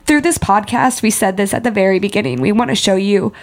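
A woman's voice: medium pitch, fairly quick. A woman in her twenties co-hosting a podcast in candid, casual chat, full of fillers and sounding congested. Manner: open and candid, many "like" fillers. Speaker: podcast co-host.

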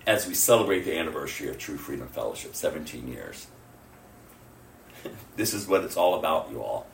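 Male pastor mid-sermon, swings loud to hushed, distant mic in a roomy hall. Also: rumbling low, expressive, a little fast, vocal fry, pauses often. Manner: swings from loud exclamations to hushed near-whispers, laughs often. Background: congregation responses.

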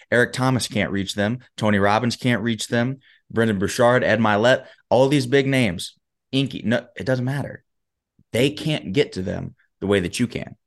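Animated low-voiced motivational speaker. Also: male voice. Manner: animated, acts out characters. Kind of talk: motivational storytelling.

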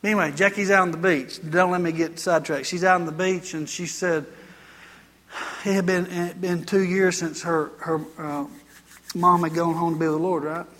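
High-voiced man preaching a folksy sermon. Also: steady tone, normal speed, a bit bright, big-room sound. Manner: folksy, chatty storytelling with asides. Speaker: pastor.

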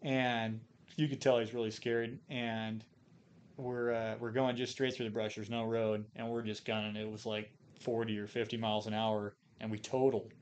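Recorded with lo-fi sound, this Idaho man speaks at a moderate pace in a lowish voice that barely moves in pitch. He's an ex-Marine guest on a podcast, spinning loose, profane stories that wander and stall on fillers and false starts.

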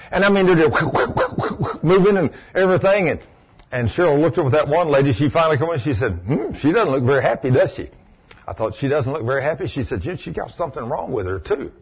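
A man preaching to a congregation in a folksy, storytelling way. His voice sits fairly high and sounds a little husky, sinking low and quiet for quotes and rising sharply when he exclaims. The recording is dull and lo-fi. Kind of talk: sermon with storytelling.

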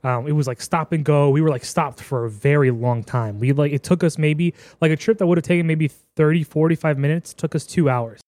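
A man's voice: on the high side, steady tone, brisk, hardly any pauses, darkish tone, dry recording. A young man co-hosting a podcast, laid-back and casual with slangy chat. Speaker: podcast co-host.

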